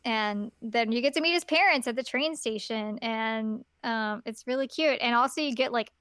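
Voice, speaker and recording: A woman's voice: on the high side, moderate pace, fairly bright tone, clear, resonant tone, no echo. A woman co-hosting a podcast in casual chat, talking in a chatty way and playfully acting out characters she quotes. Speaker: podcast co-host.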